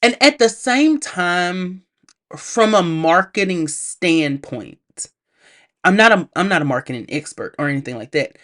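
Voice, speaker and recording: A woman giving a casual movie review, chatty and animated, laughing often and talking straight to her viewers. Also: lowish voice, a little slow. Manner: addresses viewers directly, acts out characters' lines.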